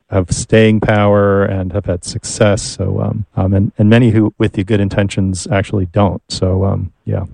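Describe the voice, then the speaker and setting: A man's voice: fairly low pitch, gravelly, darkish tone, no echo. A man interviewing a guest, asking thoughtful questions while searching for words.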